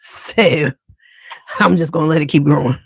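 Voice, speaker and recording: A woman's voice: deep voice, normal speed, gravelly, slight background noise. A woman hosting a beauty channel in a casual livestream chat at home. She talks straight to viewers, swears freely, and wears a clip-on mic.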